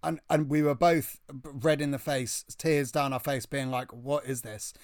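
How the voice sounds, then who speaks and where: A man with a British accent telling a story in casual chat, excitable and breathless, often restarting his sentences. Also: on the high side, moderate pace, clear, resonant tone, no room sound, clean studio sound.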